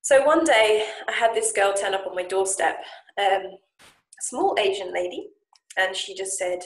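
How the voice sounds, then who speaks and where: A Japanese speaking coach and founder, this woman tells stories casually at a measured pace in a mid-pitched voice. Her retelling is lively and animated with acted-out quotes, and the room echoes around her.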